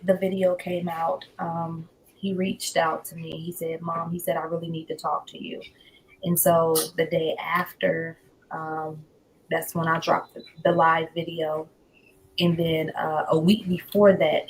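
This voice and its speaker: A woman's voice: low voice, flat delivery, unhurried, slight background noise, rough recording. A woman, calling into a livestream as a guest and earnestly telling how things went with her son, quoting each conversation word for word. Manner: earnest, retells conversations word for word, rises when upset. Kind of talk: emotional personal account on a livestream. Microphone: remote call into a livestream.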